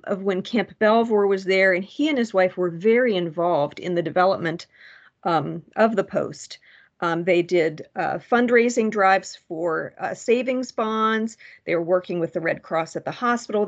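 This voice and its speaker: Halting woman presenting at a meeting. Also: medium pitch, dull audio. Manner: halting, many fillers and restarts. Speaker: history commission member presenting research.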